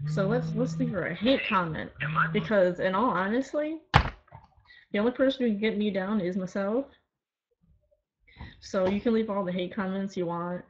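A woman's voice: medium pitch, normal speed, pauses often, dull audio, noisy background. A woman in her early twenties ranting defiantly to camera in a casual vlog, sarcastic and rambling with many restarts. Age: 20s. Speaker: vlogger. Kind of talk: casual talking-to-camera rant.

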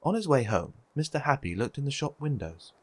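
A man reading a children's picture book aloud with gentle, expressive storytelling. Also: medium pitch, fairly quick, husky. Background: faint background music.

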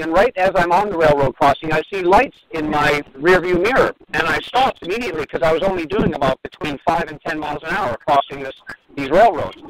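A male dermatologist, appearing as a guest on a radio show, earnestly tells a story in a phone-in segment, repeating words as he goes. His voice is fairly high, and the recording quality is low.

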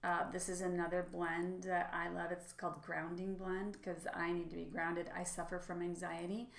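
Middle-aged woman vlogger, low-ish voice, gushing and casual with lots of fillers, roomy echo. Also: little pitch movement, moderate pace, gravelly. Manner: chatty and enthusiastic, with frequent fillers. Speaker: lifestyle vlogger. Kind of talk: casual product demonstration.

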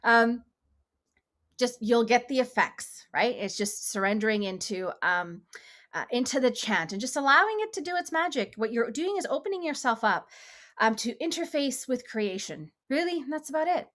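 A woman with a slightly higher voice guides a meditation session. She talks in a gentle, chatty way and laughs easily between her instructions. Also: lively intonation, normal speed. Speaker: meditation leader.

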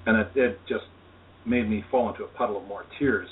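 A man's voice: on the low side, fairly even intonation, brisk. A man, an energy healer, telling his personal story in an earnest, reflective way as an interview guest. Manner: earnest, reflective, talks of spirituality. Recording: tinny phone line, distant, faint hiss.

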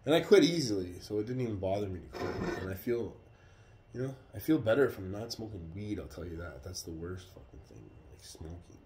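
A man telling a story in a casual, profane, animated way. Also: on the low side, a little fast, slight background noise. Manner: profane, animated retelling with acted quotes. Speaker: vlogger. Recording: roomy echo.

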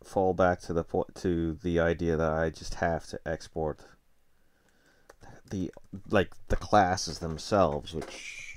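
A man's voice: low-pitched, steady tone, takes it slowly, a little mellow. A man thinking aloud while coding, muttering to himself and correcting his words, with keyboard typing behind him. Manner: muttering, self-correcting, frustrated asides. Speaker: programmer streaming a coding session. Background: keyboard typing and clicking.

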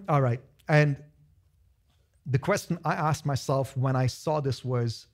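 A man pastor preaching a lively sermon to his church, acting out voices of the people in his stories. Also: mid-range voice, slow pace. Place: church sanctuary.

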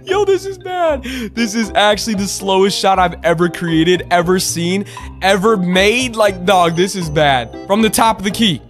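Young dude yelling over his basketball game, real high voice, cussing and begging teammates for the ball, faint game music behind. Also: measured pace. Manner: excitable, swearing, trash talk, pleads with teammates. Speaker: gaming YouTuber. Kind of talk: live gameplay commentary.

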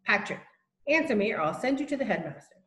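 A strict, no-nonsense schoolteacher, put on by a woman reading aloud in a raised, brisk, reproving voice. The storybook reading sounds roomy and echoey. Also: on the high side, sing-song, fairly bright tone, pitched above the performer's own voice.

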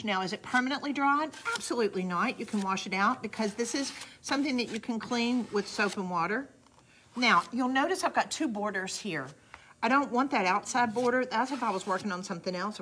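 A woman's voice: medium pitch, fairly bright tone, slight background noise. A middle-aged woman with a Southern US accent hosting a casual live craft demo, chatty and folksy, talking straight to viewers. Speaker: craft host demonstrating a product.

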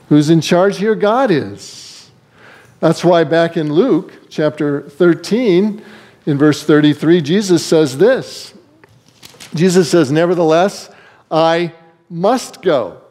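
A man's voice: high voice, darkish tone. A man preaching a sermon as pastor, asking rhetorical questions and shifting his emphasis.

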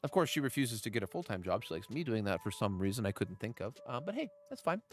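A middle-aged man, chatting with his live chat while giving game commentary, swinging from calm tips to loud outbursts. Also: mid-range voice, quick pace, faint music behind. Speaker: gaming livestreamer.

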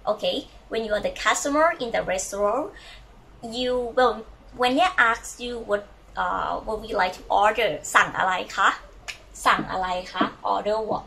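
A woman whose first language is Thai, teaching a language lesson and slowly repeating words for learners to copy. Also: medium pitch, creaky, fairly bright tone, slight background noise, rough recording.

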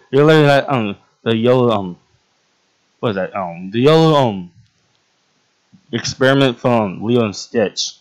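A young man talks his way through a game role-play, giggling often and rambling with plenty of ums. His pitch swings widely and lively from line to line, while his middle range stays typical for a man. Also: unhurried, long pauses. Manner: giggly, rambling, voices many characters. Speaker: game roleplay host. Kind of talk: casual roleplay gameplay chat.

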